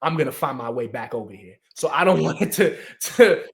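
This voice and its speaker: Young american guy telling a story, kinda high voice, animated, doing everybody's lines. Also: fairly quick, creaky. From United States. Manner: animated, acts out quotes, laughs often. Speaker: guest storyteller. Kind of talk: casual storytelling chat.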